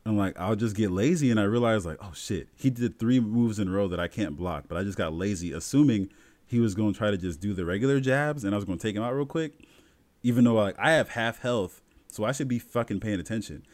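A young man talking casually and excitedly about a video game, full of fillers and restarts. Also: on the low side, quick pace. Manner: excited, filler-heavy, rambling storytelling. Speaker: gamer friend in a podcast chat. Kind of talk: casual chat.

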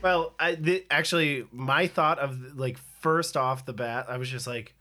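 A man's voice: mid-range voice, a little slow, few pauses, pushed and bright. A man co-hosting a podcast, rambling in casual chat with many restarts and some swearing. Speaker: podcast co-host.

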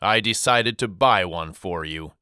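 A man voicing a gentle, loving middle-aged father who speaks softly. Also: deep voice, measured pace, smooth, no room sound, clean studio sound.

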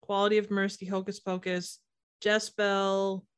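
A woman co-hosting a podcast in casual chat, joking, quick, and laughing a lot. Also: medium pitch, flat delivery, clear, resonant tone. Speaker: podcast co-host.

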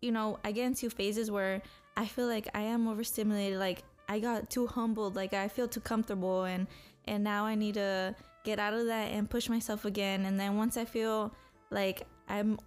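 Young woman, solo podcast rant, blunt and swearing, middle-pitched, faint music under her. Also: flat delivery, moderate pace, clean tone. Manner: blunt and profane, self-motivating. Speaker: podcast co-host.

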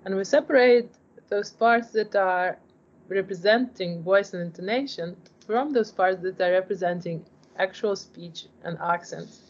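Speaking at a measured pace in a mid-range voice, this woman founder gives earnest, explanatory interview answers. Her speech is full of "like" and restarts, recorded on dull, muffled lo-fi audio.

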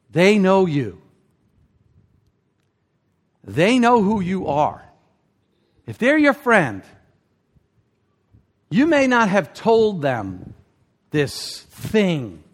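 A male preacher delivering a sermon with real passion. His fairly high voice swings up and down widely, building to emphatic peaks before dropping almost to a murmur. The sound carries a long reverb from a large hall. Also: a bit bright. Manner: impassioned, rising to emphatic peaks then dropping low. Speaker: pastor.

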